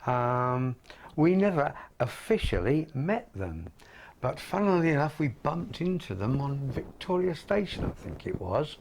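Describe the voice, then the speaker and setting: An older English man recalling his pop singing days in casual conversation, telling stories with many pauses and restarts. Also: a little high, very animated, gravelly, darkish tone, a little hiss or hum. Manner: hesitant storytelling with many ums and restarts. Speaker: former pop singer reminiscing.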